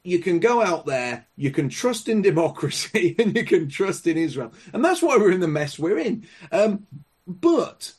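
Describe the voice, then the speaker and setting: A man speaks slowly and sardonically as a guest in a political chat. His slightly high, husky voice moves widely in pitch. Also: very animated.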